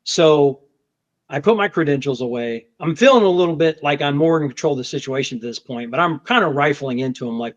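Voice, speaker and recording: A man, a federal agent, recounting a confrontation in casual conversation, repeating words and acting out what was shouted. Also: on the high side, a little fast. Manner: animated, restarts often, acts out shouted quotes. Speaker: federal agent telling a story. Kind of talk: conversational storytelling. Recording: dull lo-fi podcast audio.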